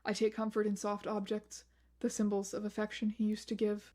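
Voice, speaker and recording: A woman streamer reading blog posts aloud on a stream in a steady, matter-of-fact way. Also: mid-range voice, a little fast.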